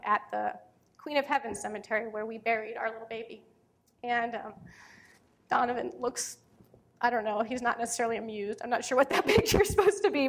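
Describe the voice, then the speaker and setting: Earnest woman in her thirties, storytelling speaker, slightly high voice. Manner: earnest, storytelling, turns emotional. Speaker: speaker on parenting. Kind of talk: personal talk to an audience.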